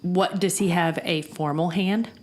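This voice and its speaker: Animated laughing woman co-host. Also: lowish voice, unhurried. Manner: animated, laughing, crude jokes. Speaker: podcast co-host. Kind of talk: casual TV recap chat.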